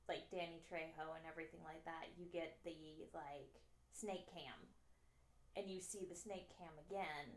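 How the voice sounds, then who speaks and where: Slow-talking woman podcast co-host. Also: on the low side, echoey room. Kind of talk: casual movie chat.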